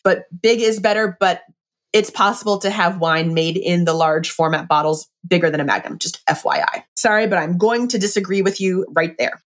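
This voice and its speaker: A woman's voice: on the low side, moderate pace. A middle-aged woman chatting casually and enthusiastically about wine and a book, with lots of fillers.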